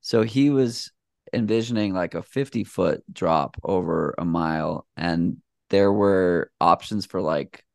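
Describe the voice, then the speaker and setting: Low gravelly-voiced man, easygoing guest. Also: a little slow, dry recording, clean studio sound. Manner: easygoing, rambling, filler-heavy. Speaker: podcast guest, shoe reviewer. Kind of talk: casual conversation.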